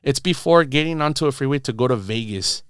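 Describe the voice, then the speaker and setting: Dude telling a wild story on a podcast, cusses constantly, smooth clean voice, dry studio sound. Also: male voice, mid-range voice, animated, brisk, a bit bright, dry recording. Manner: rambling, profane, says bro and dude a lot. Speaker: podcast guest. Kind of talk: casual storytelling.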